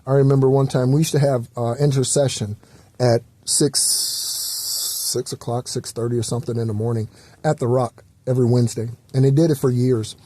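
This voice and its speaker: A man's voice: medium pitch, steady tone, normal speed, mellow, slight background noise. A man hosting a spiritual talk channel, speaking in a loose, rambling way with many fillers and the occasional swear word.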